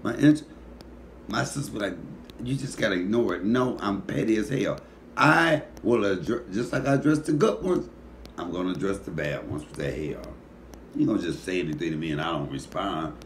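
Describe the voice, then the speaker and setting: A man comedian talking in a casual comedic monologue, animated and profane, teasing his listeners. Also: deep voice, a little fast, a little hiss or hum.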